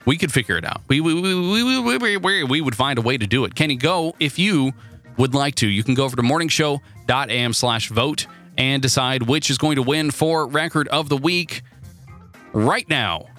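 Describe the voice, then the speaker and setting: Rambling man hosting with a bright voice. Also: mid-range voice, normal speed, faint music behind. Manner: rambling, stammering, laughs often. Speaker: podcast host. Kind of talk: casual comedic chat.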